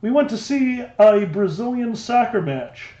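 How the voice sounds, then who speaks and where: High-voiced man telling stories in echoey room. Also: a little slow, lo-fi sound. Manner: animated storytelling. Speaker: livestream co-host. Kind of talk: casual chat. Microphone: desk microphone.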